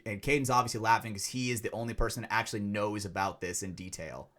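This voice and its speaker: A young man co-hosting a casual podcast, telling stories in an animated, profane way. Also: on the low side, quick pace. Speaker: podcast co-host.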